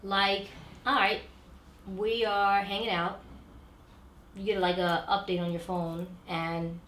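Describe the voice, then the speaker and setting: A woman's voice: mid-range voice, flat delivery, slow, fairly bright tone. A woman co-hosting a casual podcast chat, asking probing what-if questions. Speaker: podcast co-host. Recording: echoey room with faint ambient noise.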